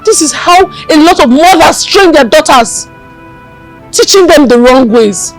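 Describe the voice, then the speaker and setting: A woman's voice: high-pitched, animated, a little slow, soft background music, low-quality recording. A woman playing a bitter grown daughter who accuses her mother through tears. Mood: accusing. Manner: accusing, tearful. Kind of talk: Nollywood film acting.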